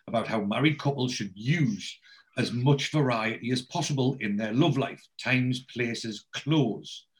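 Man quoting wry put-upon wife, mid pitch, plain retelling. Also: measured pace, lightly acted. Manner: casual retelling of a sitcom scene.

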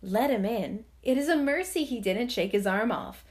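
A woman narrating a classic novel as an audiobook, in a measured, expressive storytelling manner. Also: on the high side.

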